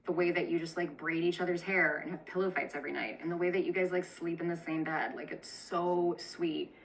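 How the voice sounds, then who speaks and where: A woman's voice: on the low side, fairly even intonation, brisk, a little hiss or hum, low-quality recording. A woman telling a profane, irreverent comic retelling of a Bible story with chatty asides. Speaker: comedic storyteller.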